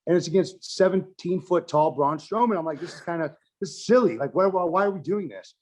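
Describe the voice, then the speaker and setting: A man's voice: high voice, a little fast. Guy rambling through a wrestling story, cussing a lot, voices jumping around as he acts out quotes. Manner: animated, swears constantly, acts out quotes. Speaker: podcast guest, wrestler and filmmaker. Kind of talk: casual storytelling chat.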